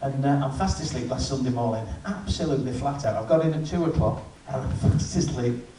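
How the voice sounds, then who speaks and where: Comedian in a roomy hall. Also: male voice, medium pitch, fairly quick, warm tone, far from the mic, slight background noise. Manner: dry storytelling, chats with the audience. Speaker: stand-up comedian. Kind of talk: stand-up routine. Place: live venue.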